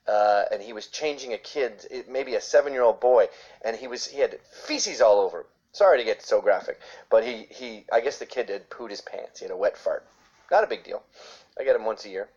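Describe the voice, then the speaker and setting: A man, a father, giving a sarcastic, ranting comedic commentary on an article he reads aloud. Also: medium pitch. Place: New York. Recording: dull lo-fi screen recording.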